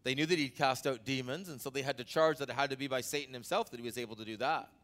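A man preaching a sermon as pastor, talking conversationally through an anecdote, building to emphatic peaks and then dropping low. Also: quick pace, a bit bright.

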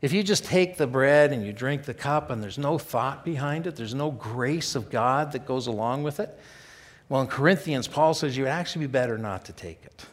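A man's voice: medium pitch, expressive, moderate pace. A man preaching a sermon in an earnest, conversational way, often checking in with his listeners with rhetorical asides. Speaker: pastor.

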